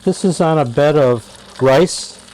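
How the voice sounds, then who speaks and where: A man's voice: on the high side, unhurried, a little mellow, rough recording. A man walking through a fish recipe in a casual cooking demonstration, talking through each step. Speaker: fishing captain cooking fish.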